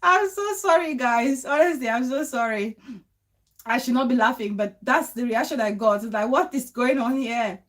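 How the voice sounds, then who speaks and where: A woman's voice: on the high side, normal speed. A woman hosting, reacting in casual commentary to a played clip, often breaking into laughter. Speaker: host.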